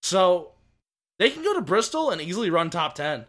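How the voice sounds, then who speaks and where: A man with a high, bright voice co-hosts a casual podcast. He rambles eagerly, restarting sentences as he goes. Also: moderate pace. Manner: excited, rambling, many restarts. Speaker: podcast co-host. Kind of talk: casual racing chat.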